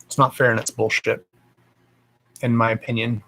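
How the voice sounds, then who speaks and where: A man's voice: mid-range voice, little pitch movement, normal speed, a bit bright, rough recording. A man with a Texan accent hosting a casual live stream, chatting freely, greeting viewers with endearments and swearing offhandedly. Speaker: psychic live-stream host.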